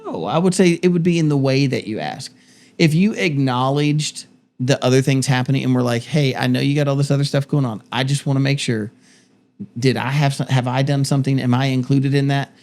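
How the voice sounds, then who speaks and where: A man's voice: medium pitch, a little fast, a little mellow. A middle-aged pastor co-hosting a casual marriage podcast with his wife, telling stories animatedly and interrupting himself playfully. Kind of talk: casual marital chat.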